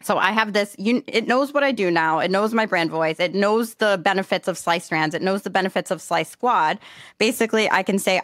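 A woman with a New York accent, co-hosting a podcast in casual, animated chat, self-described as audacious and bold. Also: mid-range voice, brisk, dry recording, studio quality. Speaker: podcast co-host.

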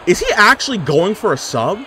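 A young man giving sarcastic, animated trash-talk commentary over his own online wrestling game. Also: high voice, fairly quick, a little hiss or hum. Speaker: gaming YouTuber. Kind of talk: live gameplay commentary.

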